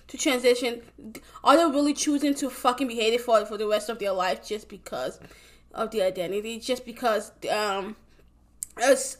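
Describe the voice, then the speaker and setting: A young woman hosting a solo podcast, rambling and emphatic, swearing freely with lots of restarts. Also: a little high. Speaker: podcast host. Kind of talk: casual solo podcast monologue.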